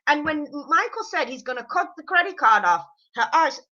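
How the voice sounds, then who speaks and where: Talking casually about a reality show, a woman with a mild cold is opinionated and quick to ridicule. Her high voice has a sing-song, sharp quality, and the sound is lo-fi.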